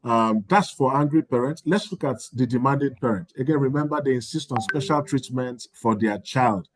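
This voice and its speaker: A man's voice: mid-range voice, normal speed, a crowd in the background. A man leading an online training session, talking in a conversational way and acting out sample exchanges with parents. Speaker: course facilitator.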